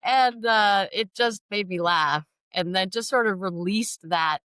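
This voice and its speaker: A middle-aged woman, an author and interview guest, telling a personal story in an animated, self-deprecating way. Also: medium pitch, measured pace, clear, resonant tone, no room sound, studio quality.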